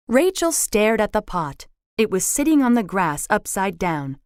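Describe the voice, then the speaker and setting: A woman reading a children's storybook aloud, slow and expressive. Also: medium pitch, dry recording, clean studio sound.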